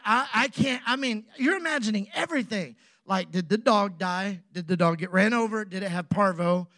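A pastor with a high voice tells a personal story from the pulpit. He acts out both sides of a conversation and swings from quiet asides to loud, animated outbursts. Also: dry recording, studio quality. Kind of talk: storytelling sermon.

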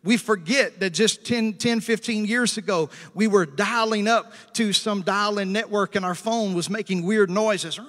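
A man's voice: high-pitched, fairly bright tone, long reverb tail. A male pastor preaching a sermon, stretching out scripture quotes and calling for amens from the congregation. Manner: preachy call-and-response with amens and hallelujahs; slows down to stress scripture quotes.

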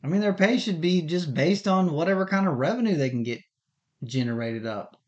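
A man's voice: on the high side, animated, fairly quick. A man hosting a podcast, ranting heatedly in a rambling, profane monologue. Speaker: podcast host. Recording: dull lo-fi recording.

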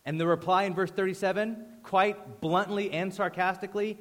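Animated preacher man, echoing hall. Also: high-pitched, moderate pace, few pauses. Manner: animated, conversational storytelling with sudden hushed drops. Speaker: pastor. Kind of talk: sermon.

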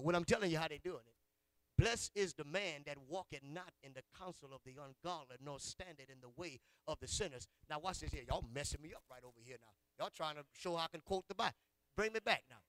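Male pastor, mid-high voice, dry close sound; rhythmic call-and-response sermon, folksy and teasing, big swings from hushed to shouting. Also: a little fast, dry recording. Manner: folksy, playful with the congregation. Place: church sanctuary.

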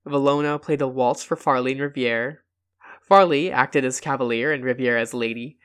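A man reads a short story aloud at a mid-range pitch. He narrates steadily and lifts the quoted lines with extra emphasis. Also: fairly bright tone. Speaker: reader.

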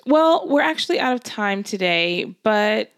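A woman's voice: medium pitch, animated, a little slow, clear, resonant tone. A woman co-hosting a podcast, telling a story in a chatty way and laughing often. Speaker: podcast co-host. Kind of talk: casual chat.

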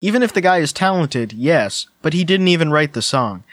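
A man hosting a podcast in casual chat, reading online posts aloud with wry, deadpan asides. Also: a little high, fairly quick, dry recording. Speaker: podcast host.

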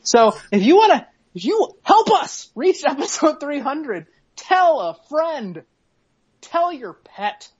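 A woman's voice: high-pitched, big pitch swings, slow, a little mellow, muffled recording. A woman co-hosting a podcast in casual, rambling chat, joking and swearing freely. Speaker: podcast co-host.

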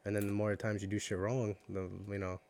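Fast-talking, blunt, profane man. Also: lowish voice, little pitch movement, darkish tone, no room sound. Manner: blunt, profane, advice-giving. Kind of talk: casual chat.

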